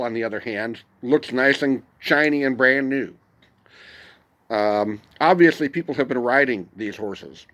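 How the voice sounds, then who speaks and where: A middle-aged man hosting a podcast, telling a personal story in a casual, meandering way with frequent pauses. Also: medium pitch, fairly bright tone. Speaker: podcast host.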